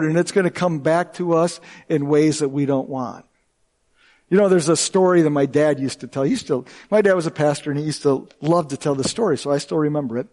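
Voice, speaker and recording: A male pastor preaching a sermon in an earnest, emphatic way, slowing down and speeding up to stress his points. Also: high-pitched, a little mellow. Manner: earnest and emphatic, with shifting pace.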